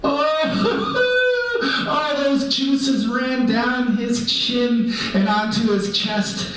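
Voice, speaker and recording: Man voicing a high, playful animal-person teller, distant and echoey. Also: drawn-out words, loud music behind the voice, exaggerated voice. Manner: playful, animated, full of humor. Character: cheerful animal-person storyteller, male, ageless. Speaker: storyteller. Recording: echoey hall from far off.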